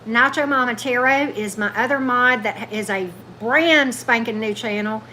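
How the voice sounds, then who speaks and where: A woman's voice: fairly high pitch, moderate pace, sharp tone, slight background noise, poor audio. A woman hosting a tarot livestream, chatting loosely and answering viewer comments as they come in. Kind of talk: casual livestream chat with viewers.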